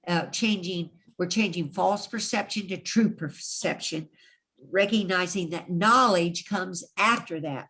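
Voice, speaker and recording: A woman's voice: lowish voice, fairly bright tone. A woman leading an online study group on a video call, chatty and encouraging, laughing often. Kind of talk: casual online group discussion.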